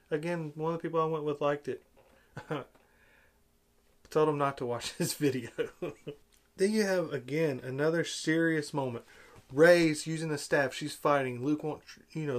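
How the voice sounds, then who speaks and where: A man giving a casual, opinionated film review, sarcastic and exasperated, with big swings in loudness. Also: on the high side.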